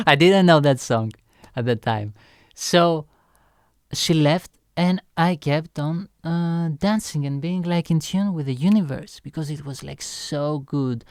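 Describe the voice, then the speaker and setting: A man's voice: on the high side, slow, a little mellow. A young man telling a rambling, casual story as he reacts to his own song, loose and full of fillers and swearing.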